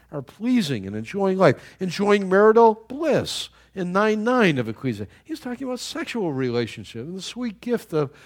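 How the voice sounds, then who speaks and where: An older man preaching a sermon as pastor, animated, with chatty asides to the congregation and frequent repeated words. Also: high-pitched, husky.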